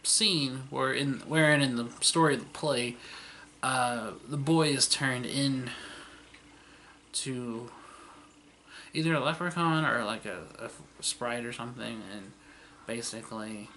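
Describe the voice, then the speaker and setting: A vlogger casually retells an old TV series, rambling with plenty of fillers and laughter. His voice is bright and forward at a middle pitch, slow, with long pauses, over a faint hum of background noise.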